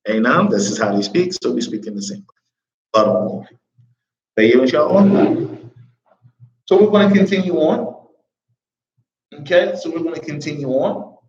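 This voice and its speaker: A man's voice: fairly high pitch, expressive, normal speed, long pauses. A man teaching an Arabic grammar class, constantly quizzing his students with "what?" prompts. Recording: roomy, dull classroom recording.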